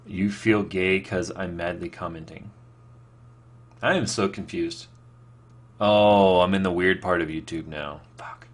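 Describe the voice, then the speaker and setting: A man with a slightly low voice talks loosely to his chat on a live stream. He rambles, trips over restarts and fills gaps with "um" and "like". He reads viewer questions aloud and answers them off the cuff. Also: fairly even intonation, measured pace.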